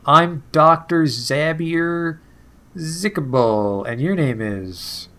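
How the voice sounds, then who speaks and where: A man voicing a smooth, friendly male elf doctor who greets patients like a salesman. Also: fairly high pitch, takes it slowly, fairly bright tone, voice pushed up. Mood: welcoming.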